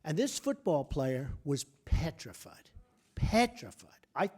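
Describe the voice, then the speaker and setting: A man's voice: a little high, very animated, takes it slowly, darkish tone, husky. A man giving a luncheon speech as a guest speaker, boastful and repetitive, talking in punchy short phrases at a podium microphone. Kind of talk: speech delivered as casual anecdotes. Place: hall at a press club luncheon.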